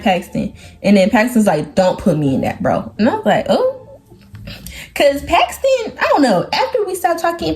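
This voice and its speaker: A teenage girl chatting through a storytime vlog, animated, quoting people by lowering or raising her voice. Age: teens. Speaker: vlogger.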